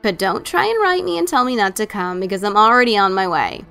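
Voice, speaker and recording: A woman's voice: mid-range voice, lively intonation, fairly quick, vocal fry, clean tone, soft background music. A woman voicing an adventurous grown pegasus mare, reading aloud an earnest letter to her younger sister. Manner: earnest, apologetic, softening as it goes.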